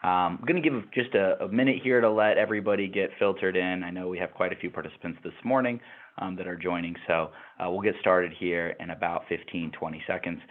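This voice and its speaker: A quick-talking man hosts an online webinar, chatty and loose with plenty of fillers. His voice sits very low, and it comes through a tinny, phone-like line. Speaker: webinar host. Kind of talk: casual presenting on a call.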